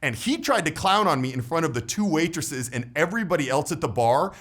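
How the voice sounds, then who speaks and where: Lively high-voiced male coach, animated. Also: fairly quick. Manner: animated, tags points with "right?". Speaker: voice and status coach. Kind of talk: coaching vlog breakdown.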